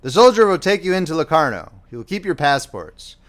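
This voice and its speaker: Um homem fazendo um tenente de fronteira formal. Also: male voice, a little high, sing-song, brisk, a bit bright. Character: stiff, thin male border lieutenant, formal.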